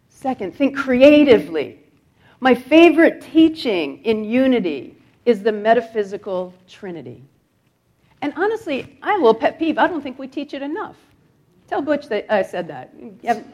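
Middle-aged woman preaching, somewhat high voice, chatty storytelling manner, hushed asides. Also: dull audio. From upstate New York. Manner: conversational storytelling, drops to a hushed near-whisper on grave moments. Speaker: guest speaker. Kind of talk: sermon.

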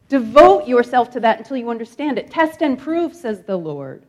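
Middle-aged woman preaching, somewhat high voice, chatty storytelling manner, hushed asides. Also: sing-song, moderate pace, hardly any pauses, muffled recording. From upstate New York. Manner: conversational storytelling, drops to a hushed near-whisper on grave moments. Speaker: guest speaker. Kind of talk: sermon.

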